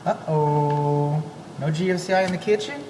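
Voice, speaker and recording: Walking a client through an empty new house, this man from Texas speaks in a voice on the high side at an ordinary pace. He's a home inspector with a Texan accent, and his narration is folksy and talkative, sprinkled with jokes. The empty rooms echo, and a constant noise hums underneath.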